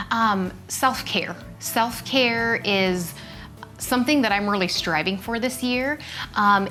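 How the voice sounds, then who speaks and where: A woman co-hosting a casual chat show, talking animatedly and acting out what people say in a shifting voice. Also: mid-range voice. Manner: animated, acts out quoted speech in a shifting voice. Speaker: podcast co-host.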